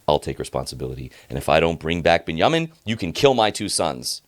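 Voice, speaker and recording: A man's voice: rumbling low, sing-song, a little fast. A man playing an earnest eldest son. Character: earnest eldest son pledging to his father.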